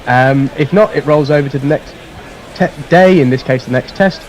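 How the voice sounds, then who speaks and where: A man's voice: medium pitch, slight background noise, low-quality recording. A man giving chatty live ball-by-ball cricket commentary on a radio stream. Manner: chatty, quick to laugh, mixes play calls with plugs.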